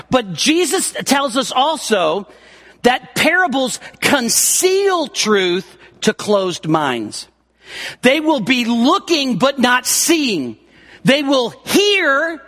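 A man delivers a sermon as a pastor. His voice sits very high and sounds bright and forceful. He presses his points with emphatic rises and drops.

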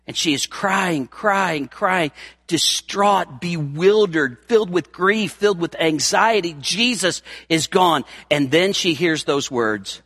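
A man in his fifties delivers a sermon from the pulpit. His voice sits a little high and rings bright. He moves from near-whispered intimacy to raised, pressing emphasis. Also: unhurried, slightly rough. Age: 50s. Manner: dynamic preaching, swinging from hushed to raised. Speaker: pastor.

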